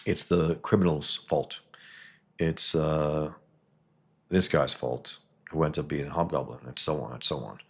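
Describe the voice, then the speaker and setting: A man with a very deep, husky voice talks through a comic on his live stream. He rambles and digresses, starting sentences over and filling gaps with ums and uhs. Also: measured pace, pushed and bright. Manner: rambling, digressive, many fillers and restarts. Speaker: comic book reviewer and live stream host. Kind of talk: casual live-stream commentary and comic reading.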